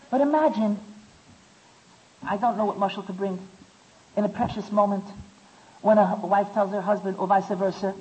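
A man's voice: high voice, fairly even intonation, moderate pace, pauses often, a little mellow. A man giving a Torah talk, stammering through restarts and rising to impassioned peaks. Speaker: speaker. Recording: dull lo-fi recording.

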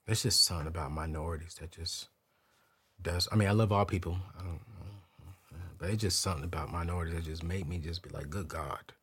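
A man hosting a money show, telling a casual story to camera in a slangy, animated way and repeating words when excited. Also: low-pitched, fast talker, slightly rough. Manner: slangy, keeps it real with viewers. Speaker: host.

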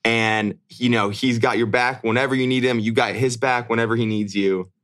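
A man's voice: mid-range voice, fairly even intonation, moderate pace, a bit bright. A man in his thirties, a podcast co-host and airline pilot, talking in a laid-back, rambling way and laughing often. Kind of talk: casual chat.

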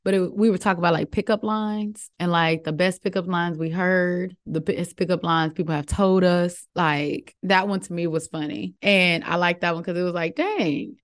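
A woman's voice: on the low side, fairly even intonation, moderate pace, few pauses. A woman co-hosting a podcast, chatting casually in a giggly, rambling way. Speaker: podcast co-host. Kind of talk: casual chat.

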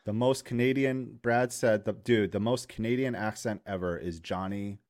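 A man's voice: fairly low pitch, normal speed, a little mellow. A man hosting a casual stream chat, laughing often and swearing freely. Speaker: stream host.

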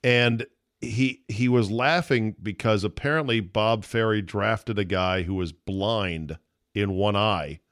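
A middle-aged man with a lowish voice hosts a loose sports podcast, cracking jokes and cursing without a second thought. The sound is close and dry, with no room around him. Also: takes it slowly, a bit bright, no room sound. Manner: blunt, wisecracking, swears freely. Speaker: podcast host. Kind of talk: casual sports talk.

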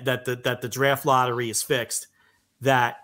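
A man co-hosting a casual podcast who talks in a relaxed way, swears casually and lets his sentences trail off. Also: medium pitch, a little slow. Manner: laid-back, swears casually, trails off softly. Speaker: podcast co-host. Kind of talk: casual chat.

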